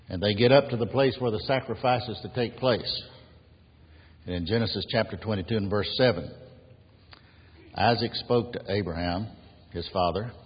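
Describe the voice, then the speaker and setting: A man's voice: on the low side, breathy edge. A man preaching an earnest sermon as pastor, building emphasis on key phrases. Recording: dull lo-fi sound in a reverberant hall.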